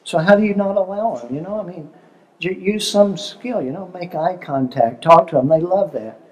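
A man's voice: sits high, moderate pace, a little mellow, low-quality recording. An older man speaking as a seminar presenter, telling stories in a conversational way and asking the audience questions. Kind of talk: relationship seminar talk.

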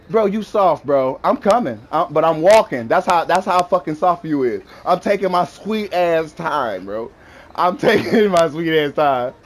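High-voiced young man trash-talking. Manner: taunting, mocking, repeats insults. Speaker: gamer. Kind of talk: trash talk over game voice chat.

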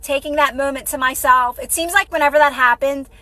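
A woman's voice: high-pitched, fairly even intonation, brisk, pushed and bright, no echo, poor audio. A woman hosting a casual motivational livestream, repeating herself encouragingly and greeting viewers by name. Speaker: livestream host.

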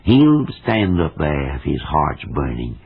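Gravelly old-time preacher on scratchy radio. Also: male voice, extremely low pitch, very animated, slow pace. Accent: Southern American. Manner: folksy, emphatic, with plain homespun examples. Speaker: evangelist preacher. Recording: tinny, lo-fi vintage radio recording.

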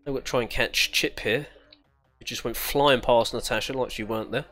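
A man's voice: mid-range voice, fairly even intonation, brisk, pushed and bright, faint music behind. A young British man commentating casually while playing a racing game, chatty, swearing and giggling often. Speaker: gaming channel host. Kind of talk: casual let's-play commentary.

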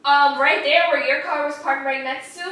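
A woman's voice: high-pitched, steady tone, moderate pace, pushed and bright. A young woman suspiciously pressing her boyfriend with questions in a casual argument. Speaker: vlogger's girlfriend. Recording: echoey room, voice from a distance.

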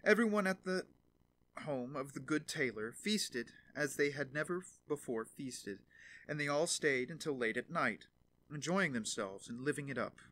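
A man narrating a fairy tale audiobook in an expressive storytelling manner. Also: fairly high pitch, normal speed, a little hiss or hum.

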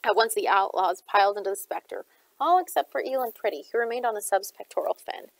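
A woman narrates a novel at an even storytelling clip, her voice showing some vocal fry at mid pitch. The recording is dry and close, with no room sound. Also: a little fast, dry recording, low-quality recording. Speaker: audiobook reader. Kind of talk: reading a novel aloud.

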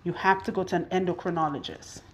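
A woman's voice: fairly low pitch, steady tone, quick pace, dull audio, a little hiss or hum. A woman chatting with her viewers while she works on a client's hair, now and then out of breath. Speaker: loctician vlogger. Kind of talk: casual chat while working on hair. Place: hair salon in a home.

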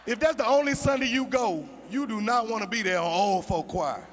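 A man's voice: high voice, fairly quick, slight background noise. A middle-aged male stand-up comedian, chatting directly with the audience. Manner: conversational, addressing the audience directly.

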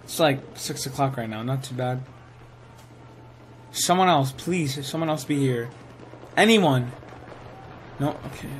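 A young man giving live commentary while playing a shooter game, excitable and swearing, sometimes saying he is tired. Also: medium pitch, measured pace, long pauses, a little hiss or hum. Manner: excitable, swears, yells at kills. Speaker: gaming streamer.

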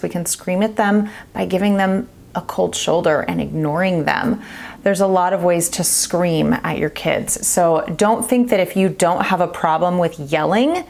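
A woman's voice: lowish voice, creaky. A woman in her thirties giving earnest parenting advice straight to camera, stressing her points by repeating them. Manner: earnest, emphatic, repeats key phrases. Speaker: parenting vlogger. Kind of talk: direct-to-camera advice talk.

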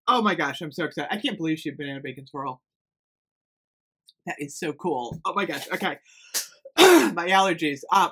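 A woman reviewing scented products in an excited, gushing chat, gasping and saying "oh my gosh" often. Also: on the low side. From United States. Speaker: beauty haul vlogger.

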